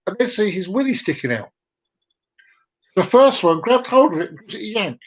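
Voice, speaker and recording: Playful man telling jokes, lively pitch. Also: moderate pace, rough recording. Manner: chatty, playful, giggles at own jokes. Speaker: host of a live comedy show. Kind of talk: casual joke-telling.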